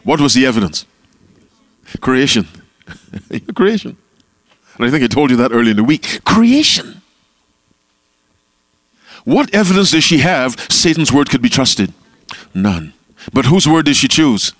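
A man preaching a sermon as pastor, asking his listeners questions and answering them himself, with quotes acted out softly. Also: medium pitch, lively intonation, normal speed, dry recording. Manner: call-and-response preaching, questioning the audience. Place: camp meeting talk.

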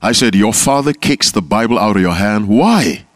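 Low-voiced preacher quizzing his congregation. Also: animated, normal speed, dry recording. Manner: call-and-response preaching, questioning the audience. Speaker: pastor. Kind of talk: sermon. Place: camp meeting talk.

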